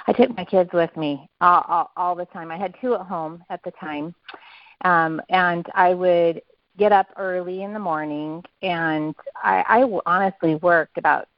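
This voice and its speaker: Woman, eager, rambling, restarts sentences, lowish voice, dull phone sound. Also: measured pace, no room sound. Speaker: network marketing guest. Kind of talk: casual phone interview. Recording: dull dry phone line.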